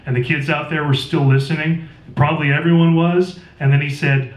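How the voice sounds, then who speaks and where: A man's voice: a little high, a little fast. Man reading his novel aloud in a store. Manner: plain, steady first-person narration. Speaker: author. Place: record store. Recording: roomy store, distant mic.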